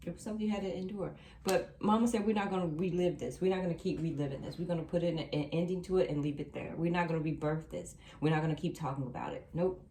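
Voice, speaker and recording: A woman's voice: on the low side, fairly even intonation, fast talker, hardly any pauses, dark tone, slight background noise. Reassuring woman giving a tarot reading. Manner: repetitive, reassuring, emphatic. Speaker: tarot reader. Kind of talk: tarot card reading to viewers. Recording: roomy sound from a distant mic.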